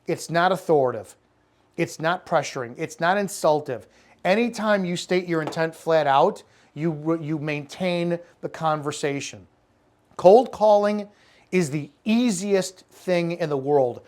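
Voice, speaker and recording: A middle-aged man with a slightly high voice coaching salespeople in blunt, profane, unscripted talk. He acts out sales calls in character to show how to speak to prospects. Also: a little slow, darkish tone. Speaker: network marketing sales coach.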